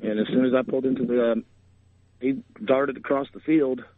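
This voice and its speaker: A man calling into a radio show, speaking hesitantly and haltingly, upset. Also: medium pitch, fairly even intonation, dry recording. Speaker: caller. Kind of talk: phone-in caller. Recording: tinny phone line.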